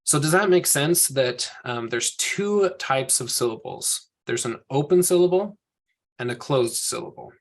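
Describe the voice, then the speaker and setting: Man, teacher, video call class, patient, explanatory, mid-pitched. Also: animated, measured pace. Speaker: Hebrew teacher. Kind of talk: online class lecture.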